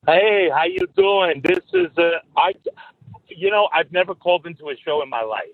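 A man with a New York accent calls in to a radio show, talking in a rambling, animated way and cutting off his own sentences. His voice sits high for a man. The call comes through a narrow, tinny phone line. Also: normal speed, creaky, no echo. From Bronx and Long Island, New York. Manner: rambling, animated, self-interrupting. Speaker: caller. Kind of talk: phone-in chat.

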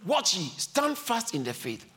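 A man preaching a sermon with passion, repeating his lines and climbing to high shouts, with a congregation answering him. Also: wildly swooping pitch, a little slow. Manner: impassioned, repeats phrases, builds to high shouts. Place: church service. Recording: live congregation audible.

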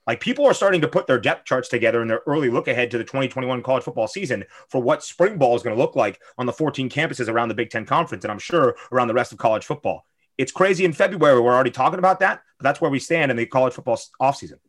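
A man's voice: mid-range voice, animated, very fast. A man guest co-hosting a sports podcast, upbeat and enthusiastic, joking with the host. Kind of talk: casual sports podcast chat.

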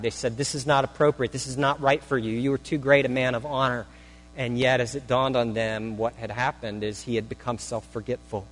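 A man's voice: mid-range voice, low-quality recording. A man preaching a conversational sermon as a pastor, with dry self-deprecating humor. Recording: faint mains hum.

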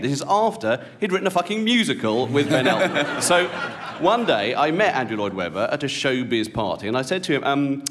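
A man's voice: mid-range voice, very animated, a little fast, a bit bright. A man telling a comic showbiz anecdote, sardonic and sweary.

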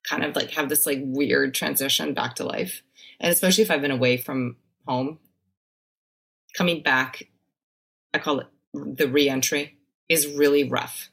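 A woman's voice: low-pitched, creaky, fairly bright tone. A woman from Brazil, an actress guest in a casual interview, who talks in a laughing, self-deprecating way.

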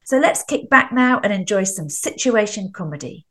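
A woman's voice: medium pitch, animated, moderate pace, fairly bright tone. A woman hosting a comedy show, introducing guests and linking segments. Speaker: host. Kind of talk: radio presenting.

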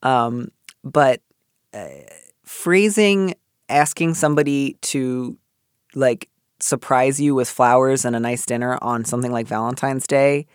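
A man's voice: mid-range voice, measured pace, smooth, no room sound, clean studio sound. A man co-hosting an advice podcast, talking casually and with animation, full of restarts and fillers.

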